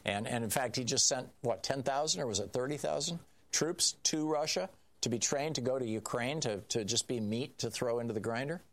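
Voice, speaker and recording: A male radio talk show host with a voice of ordinary pitch. He delivers political commentary in a sarcastic, offhand manner. He often stops and restarts his sentences. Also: a little fast.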